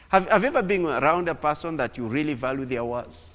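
A man preaching a sermon in an animated way, repeating phrases and often restarting. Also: on the high side, fast talker. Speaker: pastor. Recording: long hall reverb.

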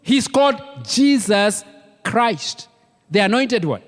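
High-voiced Kenyan preacher. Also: male voice, lively intonation, takes it slowly, big-room sound. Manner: emphatic, repeats key words. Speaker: pastor. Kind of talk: sermon. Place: church.

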